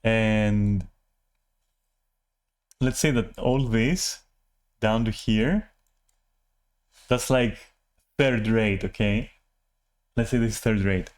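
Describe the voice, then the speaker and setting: Low-voiced and very slow, the man pauses often while ranting casually into the camera. This vlogger rambles in a self-deprecating way, swears liberally, and keeps restarting, with filler words throughout.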